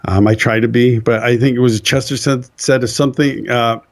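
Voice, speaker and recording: A man's voice: mid-range voice, fairly even intonation, brisk. A man giving an earnest faith testimony as a guest speaker, trailing off and restarting when moved. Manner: earnest, acts out quoted voices.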